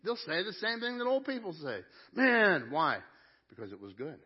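A man's voice: high-pitched, huge pitch swings, fast talker, husky. A middle-aged man preaching a sermon in a church, conversational and emphatic, talking straight to the congregation. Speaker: pastor. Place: church sanctuary. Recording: dull lo-fi sound.

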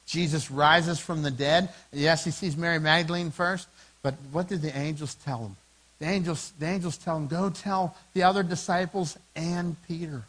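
A man pastor preaching a sermon, telling a story with lively acted-out dialogue and frequent restarts. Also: on the high side.

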